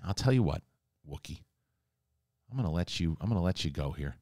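A man giving a casual, rambling spoiler review, animated and joking, acting out characters' lines now and then, with some swearing. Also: low voice, a little fast, dry recording, studio quality. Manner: rambling, conversational, mild swearing. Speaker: TV show reviewer.

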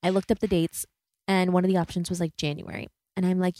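A woman in her thirties hosts a reflective solo podcast. She is earnest and chatty, with a mellow, slightly low voice. The sound is close and dry. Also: level tone, fast talker, no echo. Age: 30s. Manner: earnest and chatty, full of "like" and "you know". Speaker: podcast host.

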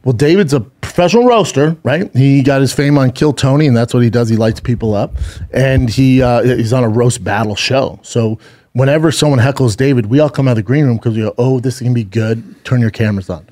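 Animated man telling a wild story. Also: medium pitch, a little fast. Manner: animated, acts out quotes, swears freely. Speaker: podcast co-host. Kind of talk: casual storytelling chat.

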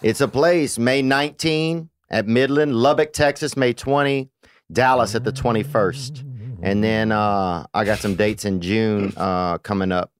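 A man's voice: lowish voice, a little slow, clean tone, no echo. Chill guy rambling with lots of uh's, dead dry mic. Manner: laid-back, hesitant with many fillers. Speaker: touring comedian, podcast co-host. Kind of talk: casual banter.

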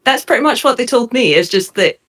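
Female guest, bright higher voice, giggly and easygoing. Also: animated, a little fast. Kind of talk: casual chat.

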